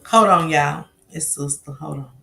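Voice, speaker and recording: A woman hosting a casual live stream, telling stories loudly and animatedly with slang and swearing. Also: deep voice, moderate pace, creaky.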